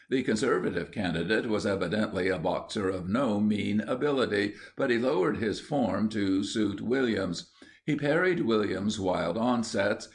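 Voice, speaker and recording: Man narrating an audiobook, lowish voice. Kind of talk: scripted narration.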